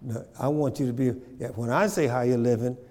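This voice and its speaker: A man's voice: mid-range voice, brisk, dark tone, long reverb tail, a little hiss or hum. A man preaching a sermon, repeating phrases and checking in with his congregation. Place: church.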